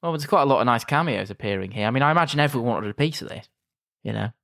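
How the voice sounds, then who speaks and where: A man's voice: mid-range voice, lively intonation, racing, creaky, a bit bright, dry recording. Man, podcast co-host, dry humour, dead dry recording. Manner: dry, acts out scenes in silly voices. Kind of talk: casual film review chat.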